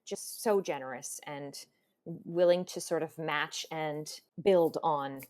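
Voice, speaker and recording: Woman actor chatting in an interview, lowish voice, laughs a lot, thoughtful. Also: slow pace. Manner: warm, reflective, laughs often. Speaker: voice actor guest. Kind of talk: conversational interview.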